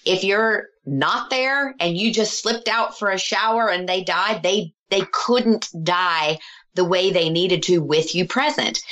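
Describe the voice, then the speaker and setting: A middle-aged woman, a healer, earnestly telling a personal story in conversation and acting out the voices of the people in it. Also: mid-range voice. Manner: earnest, animated, acts out quoted voices.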